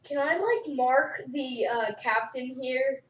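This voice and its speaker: A woman's voice: high-pitched, slow, fairly bright tone. Woman player, distant in an echoey room. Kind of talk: casual tabletop play. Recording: echoey room, far from mic.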